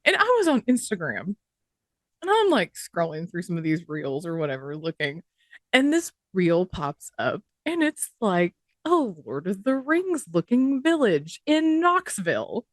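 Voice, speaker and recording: A woman's voice: fairly low pitch, huge pitch swings, unhurried, dry recording, clean studio sound. A woman co-hosting a podcast, telling a rambling funny story and giggling as she quotes others. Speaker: podcast co-host.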